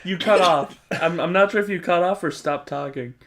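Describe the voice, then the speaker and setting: A man's voice: high voice, moderate pace. A young man, co-hosting a casual podcast and acting out scenes. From Wisconsin, USA. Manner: animated, quotes scenes in put-on voices. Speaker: podcast co-host.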